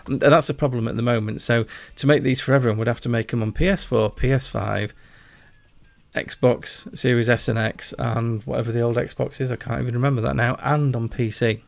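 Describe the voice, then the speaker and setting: A man's voice: mid-range voice, steady tone, fairly quick, creaky, no room sound. A man with a Yorkshire accent, hosting a casual gaming livestream, chatty and jokey, rambling as he talks to his chat. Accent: Yorkshire English. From Yorkshire, England. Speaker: livestream host.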